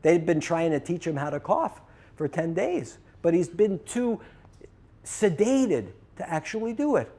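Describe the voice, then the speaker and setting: A man telling a personal story to trainees, lively and acting out both sides of the conversations he recounts. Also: a little high, measured pace. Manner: animated, acts out both sides of a dialogue. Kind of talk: storytelling talk.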